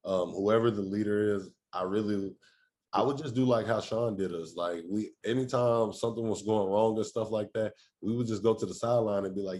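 A man's voice: lowish voice, fairly quick, darkish tone. A man in his thirties, a former college football player, talking football in a casual chat with emphatic, repetitive, slangy delivery.

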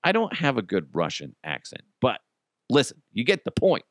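A man's voice: medium pitch, huge pitch swings, normal speed, no room sound. A man hosting a comedy podcast, talking in a crude, joking, rambling way. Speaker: podcast host.

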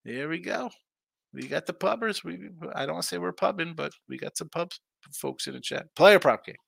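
A man's voice: a little high, expressive, moderate pace, creaky, fairly bright tone, slightly rough, dry recording. A man hosting a live sports betting stream, talking loosely and bantering as he reads viewer comments. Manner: loose, chatty, banters with chat. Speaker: sports betting show host.

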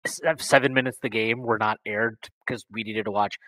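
A man co-hosting a podcast in casual sports chat, blunt and animated, swearing freely. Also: fairly low pitch, brisk, dry recording, low-quality recording. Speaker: podcast co-host.

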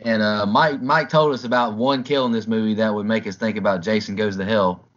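A man's voice: fairly low pitch, fairly even intonation, a little fast, muffled recording. A man co-hosting an interview, casually leading into a question. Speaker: co-host.

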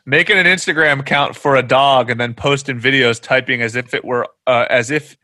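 A man's voice: mid-range voice, a little fast, sharp tone, no room sound. A Scottish man in casual chat, reading funny posts aloud in broad dialect, laughing and swearing a lot. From Scotland.

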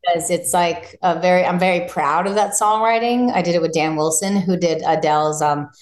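Bubbly woman in a roomy space. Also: brisk. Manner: bubbly, animated, acts out quotes in high voices. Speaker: singer-songwriter guest. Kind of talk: casual interview chat. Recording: roomy echo.

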